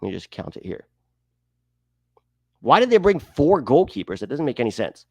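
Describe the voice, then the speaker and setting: Chatty man with lively pitch. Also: fairly quick, no echo. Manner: chatty, thinks aloud, hums while searching. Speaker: host. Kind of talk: casual soccer commentary video.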